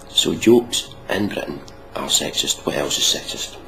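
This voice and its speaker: A man's voice: a bass voice, expressive, measured pace, vocal fry, bright, forceful tone, a little hiss or hum, poor audio. A man hosting a casual reaction video, mocking and sarcastic, swearing freely.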